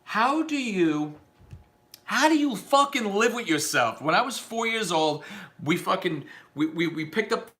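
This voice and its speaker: A man's voice: high voice, animated, a little slow, bright, forceful tone. A man delivering an unscripted, profane, combative rant that rambles from point to point.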